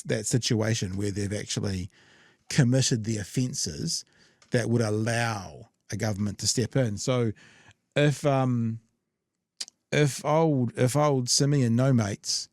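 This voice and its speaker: A man's voice: medium pitch, a little mellow, no echo, clean studio sound. A man with a New Zealand accent hosting a casual political commentary show, rambling with jokey asides. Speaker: host.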